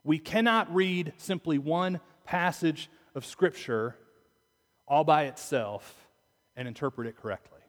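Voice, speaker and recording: A pastor with a fairly high voice speaks at a measured pace, preaching conversationally and asking the congregation rhetorical questions. His words ring with the long reverb of the church sanctuary.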